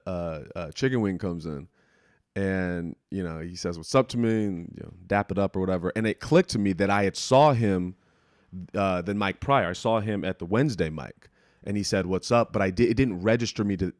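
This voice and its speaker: A man's voice: sits low, normal speed, no echo, clean studio sound. A young man hosting a podcast, telling stories in a rambling, profane, self-deprecating way and acting out other people's lines. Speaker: podcast host. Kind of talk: casual storytelling monologue.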